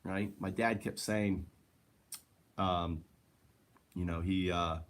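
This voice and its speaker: A man's voice: deep voice, steady tone, slow pace. A man rambling through a casual vlog from his own house, laughing often and tagging his sentences with "right?", recorded on a handheld camera indoors. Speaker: vlogger.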